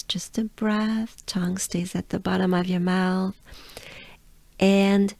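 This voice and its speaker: A woman with a French accent teaching pronunciation, drilling sounds and syllables with breathing cues and dropping often into soft whispers. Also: fairly low pitch, a little slow, vocal fry, no room sound. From France. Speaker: pronunciation coach. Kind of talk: pronunciation lesson.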